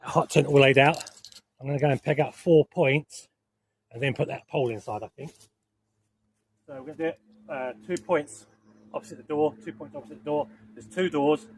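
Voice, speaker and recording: A man's voice: on the high side, a little fast, pauses often, slight background noise. A man, talking bluntly and casually as he sets up camp outdoors in a woodland for his vlog. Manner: blunt, plain-spoken. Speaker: camping vlogger.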